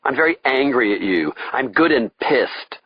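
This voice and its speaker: A man's voice: mid-range voice, expressive, moderate pace, husky, dry recording, dull audio. Man doing a screeching, clingy madman. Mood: shrill, clingy. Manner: screeching, needy, then mocking whisper. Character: unhinged male kidnapper, clingy then menacing.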